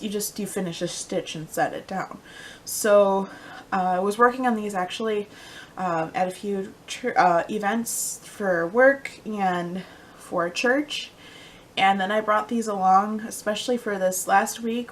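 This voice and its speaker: A woman's voice: mid-range voice, slight background noise, low-quality recording. Chatty woman rambling about knitting. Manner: rambling, chatty, many ums, trails off into quiet asides. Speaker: podcast host. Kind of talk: casual knitting podcast chat.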